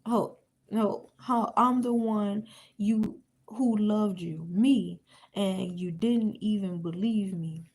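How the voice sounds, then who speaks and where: A woman's voice: medium pitch, takes it slowly, a little mellow. A woman reading aloud the lines of a hurt young woman who confronts her ex indignantly and curses. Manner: indignant, cursing.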